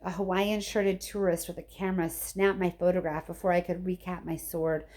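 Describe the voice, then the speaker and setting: A woman teacher reading a chapter of a novel aloud to her students, expressive and chatty with her listeners. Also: on the low side, moderate pace.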